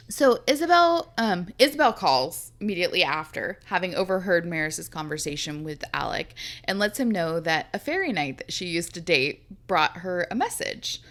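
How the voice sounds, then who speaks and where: A woman's voice: lowish voice, very animated, normal speed, fairly bright tone. A woman co-hosting a podcast in casual chat, laughing often and swearing freely. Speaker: podcast co-host.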